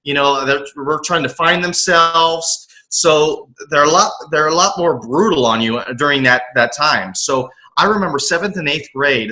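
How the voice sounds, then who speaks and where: Man, middle-aged, from the West Coast, earnest storyteller, somewhat high voice, bright tone, restarts often. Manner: earnest, animated, acts out his own past thoughts; frequent restarts and repeated words. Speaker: motivational coach, podcast guest. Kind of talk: casual interview storytelling.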